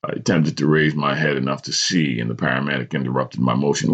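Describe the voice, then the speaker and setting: Deep husky man telling his story. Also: steady tone, fairly quick, few pauses, dull audio. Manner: dramatic storytelling with small stumbles. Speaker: podcast host. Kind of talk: reading a personal story aloud.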